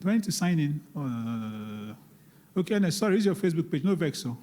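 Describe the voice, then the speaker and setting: A man's voice: on the high side, very animated, fast, mellow, slight background noise. A man giving a live seminar talk on investing, emphatic and pleading, repeating key words. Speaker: guest speaker on investing. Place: church hall, live audience. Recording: long reverb of a large hall.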